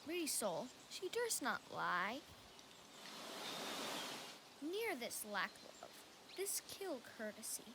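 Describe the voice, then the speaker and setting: A nimble, mischievous male fairy servant, played by a young woman on an outdoor youth stage. He speaks slow, sing-song verse with a lively, rising and falling pitch. Crickets and outdoor noise fill the background. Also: exaggerated voice. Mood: sly.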